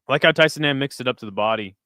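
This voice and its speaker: Male streamer, watch-party host, smooth clear voice, close dry mic, foul-mouthed banter with chat. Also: mid-range voice, bright, forceful tone, dry recording. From United States. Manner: crude, joking, chatting with viewers between fight calls. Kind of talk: casual live-stream commentary.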